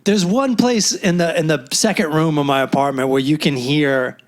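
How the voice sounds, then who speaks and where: A man co-hosting a casual comedy podcast, chatty and quick to swear and laugh. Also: on the high side. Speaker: podcast co-host; stand-up comedian. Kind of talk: casual chat.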